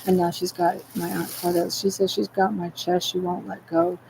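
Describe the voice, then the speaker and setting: A woman's voice: on the low side, little pitch movement, normal speed, gravelly, background noise. A tearful woman in a rambling, distressed monologue, agitated and repetitive, swearing as she talks.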